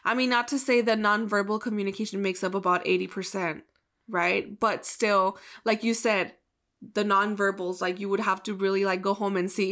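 A young woman co-hosting a podcast who asks questions in a relaxed, casual way. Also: mid-range voice, normal speed. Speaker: podcast co-host. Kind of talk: casual chat.

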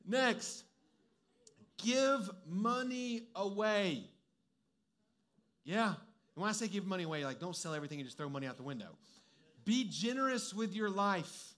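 High-voiced young man preaching with humor. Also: normal speed, a bit bright. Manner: humorous, conversational, storytelling preaching. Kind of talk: sermon.

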